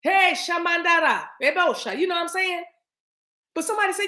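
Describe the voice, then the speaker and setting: Animated, high-voiced woman preaching to her chat. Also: fast talker. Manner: animated, emphatic, repeats phrases, talks to chat. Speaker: spiritual reader and livestream host. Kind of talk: casual livestream preaching. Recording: roomy echo.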